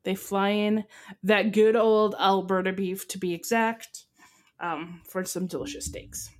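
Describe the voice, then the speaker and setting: A woman's voice: medium pitch, fairly even intonation, unhurried. A woman from Canada, co-hosting a podcast, describing a place in casual chat with enthusiasm and frequent ums. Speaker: podcast co-host.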